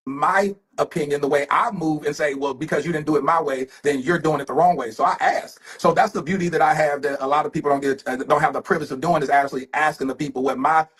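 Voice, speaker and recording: A man's voice: a little high, steady tone, quick pace, hardly any pauses, husky. A man telling a story in conversational podcast talk, quoting others as he goes.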